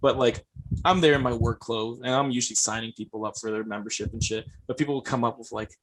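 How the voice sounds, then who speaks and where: Fast-talking husky man, casual chat. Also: mid-range voice, fairly even intonation, a bit bright. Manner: laid-back, swears freely, acts out quoted people. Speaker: podcast guest.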